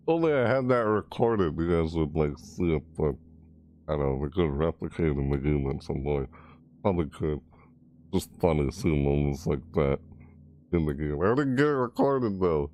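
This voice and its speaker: A man with a deep voice chats loosely over a video game, amused and filling every gap with little asides. His pitch swings widely as he reacts, climbing high in surprise before settling back down low. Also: darkish tone. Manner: rambling, amused, constant fillers and laughing. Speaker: gaming YouTuber. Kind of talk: casual gameplay commentary.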